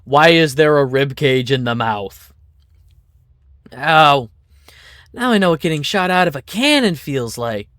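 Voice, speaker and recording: A streamer giving lively, laughing let's play commentary and reading game text aloud. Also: medium pitch, measured pace, pauses often, no echo, studio quality. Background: faint game music.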